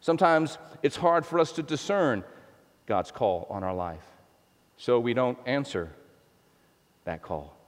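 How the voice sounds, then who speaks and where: A man's voice: mid-range voice, animated, a little slow, pauses often. A man preaching a sermon in a church, in a conversational style with many restarts and playful asides. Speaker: pastor. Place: church sanctuary. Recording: long reverb in a large hall.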